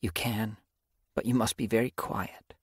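A gentle mother cat, soft and consoling in her grief , voiced by a man reading an audiobook. The voice stays close to his own, only slightly raised. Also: lowish voice, steady tone, measured pace, slightly rough, dry recording, pitched above the performer's own voice.

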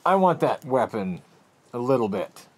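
A young man giving casual let's-play commentary, excitable and talking to himself as he yells at the game. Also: mid-range voice, moderate pace, a little hiss or hum. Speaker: gameplay commentator.

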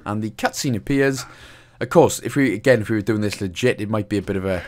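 A man's voice: fairly low pitch, fast, darkish tone. A man with a Welsh accent giving a casual, jokey game walkthrough, swearing now and then. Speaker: gaming guide host.

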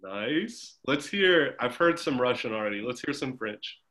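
A man's voice: medium pitch, lively intonation, measured pace, fairly bright tone. A young adult man coaching swimmers over a video call, casual and encouraging with some teasing. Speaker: swim coach.

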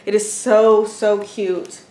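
A beauty and craft vlogger unboxes gifts on camera, chatting casually and gushing with exclamations over every item. Her voice is medium in pitch, slow and a little mellow, with a level tone. The room is echoey, with faint background noise.

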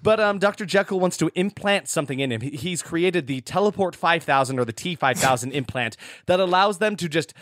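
A man's voice: fairly high pitch, lively intonation, brisk, few pauses, a bit bright, no room sound, studio quality. Man recapping a movie with sarcastic asides. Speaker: podcast co-host. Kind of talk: casual movie review chat.

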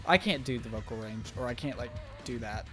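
A man's voice: mid-range voice, brisk, a bit bright, faint music behind. A man streaming a game, chatting casually and rambling with lots of filler words. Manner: rambling, many "like" fillers, laughs often. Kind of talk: casual gaming stream chat.

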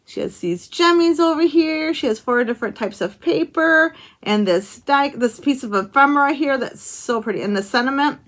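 A woman from the United States hosts her craft channel, opening handmade mail in casual chat. Her voice sits fairly high and swoops up and down as she exclaims and chuckles over each item. She sounds gushing and warmly delighted throughout. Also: lively intonation, normal speed, hardly any pauses. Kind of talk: casual unboxing chat to camera.

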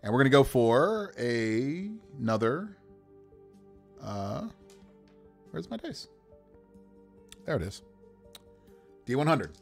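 A man's voice: medium pitch, sing-song, slow, creaky, pauses often, faint music behind. A man running a casual livestream as game master, rolling dice to build characters, talking to viewers with enthusiasm and frequent laughter.

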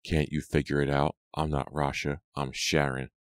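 Vengeful teenage girl for an audiobook, cold and taunting, voiced by a deep-voiced man in a dry booth. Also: flat delivery, normal speed, smooth, no room sound.

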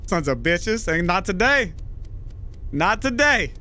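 Brash male gaming host, bright forceful voice, playful trash talk. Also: high-pitched, big pitch swings, slow. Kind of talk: casual gaming chat.

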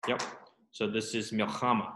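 A man with a lowish voice leads a classroom lesson, easygoing and a little self-mocking. He quizzes his students step by step, and the room adds a noticeable echo. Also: moderate pace, vocal fry, noisy background. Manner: relaxed, self-deprecating, asks students questions. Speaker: Biblical Hebrew teacher.

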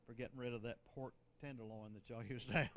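A man's voice: mid-range voice, fairly even intonation, fairly quick. An older man, a bishop, preaching a sermon in a conversational way, with joking asides and laughter.

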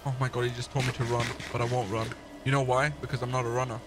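A young man streaming a game, chatting excitedly and joking, mock-translating foreign phrases. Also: mid-range voice, very fast. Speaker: gaming streamer. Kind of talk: casual gaming chat.

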